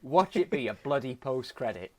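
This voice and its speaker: A man's voice: mid-range voice, lively intonation, moderate pace, a little mellow. A man from England co-hosting a podcast who chats casually about films and drops short, wry remarks. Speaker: podcast co-host. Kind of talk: casual film chat.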